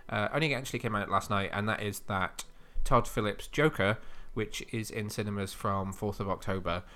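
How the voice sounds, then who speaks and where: A man's voice: lowish voice, moderate pace, a bit bright. Chatty, teasing male podcast co-host. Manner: chatty and teasing, lots of laughter. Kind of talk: casual podcast chat.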